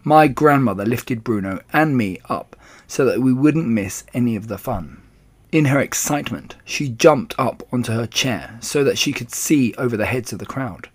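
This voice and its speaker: Brief: male storybook reader for kids, lively and expressive, mid pitch. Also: moderate pace. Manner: expressive, animated. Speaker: audiobook reader. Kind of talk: storybook narration for children.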